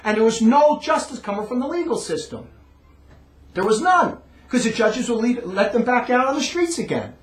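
A man with a notably high voice rants through a long monologue in a rambling, emphatic way, circling back and repeating himself. The sound carries a roomy echo. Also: very animated, normal speed. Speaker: monologue speaker. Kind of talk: ranting monologue.

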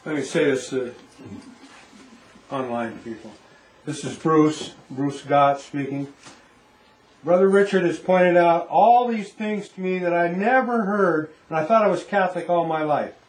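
A man's voice: a little high, unhurried, reverberant, low-quality recording. A man in a study group giving an earnest, sincere personal testimony to an online audience. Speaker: group member.

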